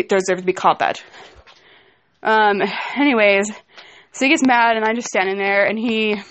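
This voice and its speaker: A young woman venting in a rambling personal vlog about a fight at home, speaking with frustration. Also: mid-range voice. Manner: frustrated rambling storytelling with asides to her kids. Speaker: vlogger.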